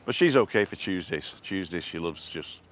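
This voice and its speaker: A man's voice: deep voice, animated, moderate pace, slight background noise. An older man live-streaming on a street walk, chatting casually and answering viewers' comments as he goes. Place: outdoors on a street.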